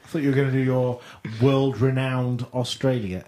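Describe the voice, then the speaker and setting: A man's voice: medium pitch, fairly even intonation, moderate pace, warm tone, slight background noise. A man co-hosting a tech podcast, explaining command-line tips and laughing often. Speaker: podcast co-host. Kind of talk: casual tech podcast banter.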